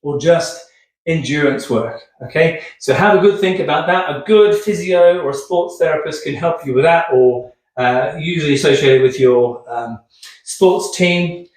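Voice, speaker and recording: A man's voice: a little high, normal speed, darkish tone. A man demonstrating rehab exercises in an upbeat, chatty way, keeps asking okay, getting out of breath. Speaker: physio instructor. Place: room with hard floor. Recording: echoey room, distant mic.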